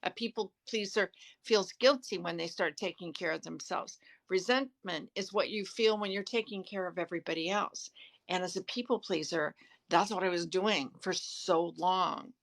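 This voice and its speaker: A woman's voice: fairly low pitch, no room sound. Earnest woman sharing tips. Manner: earnest, shares tips, halting restarts. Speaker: author and co-host. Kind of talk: casual live-stream chat. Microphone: phone.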